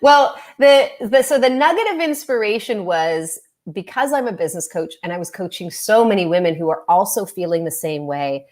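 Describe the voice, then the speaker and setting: A woman's voice: mid-range voice, expressive, normal speed, hardly any pauses, a little mellow. A Canadian woman, a business coach and author, chatting in a bubbly way as a podcast guest. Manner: bubbly, laughs often, chatty. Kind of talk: casual interview chat.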